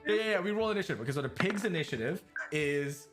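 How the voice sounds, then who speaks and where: A man running a tabletop game as game master, animated and laughing, with faint music behind. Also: a little high. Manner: animated, laughing, quick restarts.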